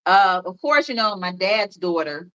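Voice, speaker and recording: A woman's voice: medium pitch, animated, a little slow, sharp tone, muffled recording. A woman in her thirties with a Memphis accent, hosting a livestream in rambling, chatty talk full of fillers and laughs. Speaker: livestream host. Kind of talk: casual chat.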